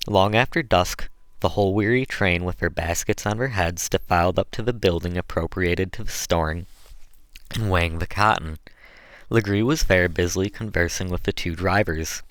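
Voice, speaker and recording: Male audiobook narrator, deep, measured, dry close recording. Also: a bit bright, dry recording.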